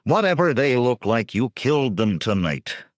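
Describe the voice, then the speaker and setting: A man voicing a bold young barbarian warrior who rouses his men with shouted cries. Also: mid-range voice, big pitch swings, normal speed, dry recording, studio quality, pitched above the performer's own voice, close to an everyday voice. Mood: mocking. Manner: rousing, shouts battle cries.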